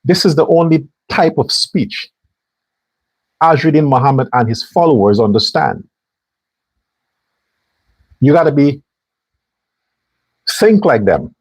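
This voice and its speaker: A man's voice: a little high, sing-song, slow pace, pauses often, husky, no echo. A man hosting a political commentary show, delivering a sarcastic and preachy rant. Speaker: host.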